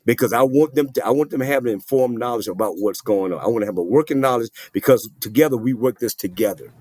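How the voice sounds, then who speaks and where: A man's voice: mid-range voice, fast, a little mellow, no echo. A middle-aged man, a doctor, speaking earnestly and emphatically as a guest in an interview. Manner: earnest, emphatic, plain-spoken. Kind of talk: interview conversation.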